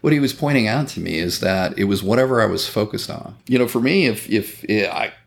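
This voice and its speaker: A man's voice: lowish voice, fairly quick, creaky. A man talking in a casual podcast conversation, earnest and reflective, swearing now and then.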